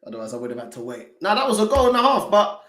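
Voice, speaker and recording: A man co-hosting a live football watchalong, chatting in excitable, slangy banter. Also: high-pitched, racing, roomy sound, a little hiss or hum. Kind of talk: casual live match chat.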